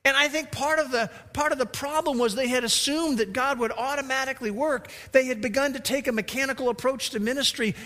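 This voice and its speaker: A man's voice: extremely high pitch, bright, forceful tone. A man preaching a sermon as pastor, emphatic, acting out the quoted lines. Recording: reverberant hall.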